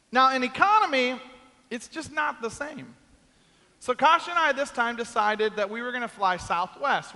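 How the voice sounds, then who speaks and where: A man's voice: high voice, sharp tone, in a large hall. A man preaching a sermon, telling a comic story and acting out the quoted voices. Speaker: pastor.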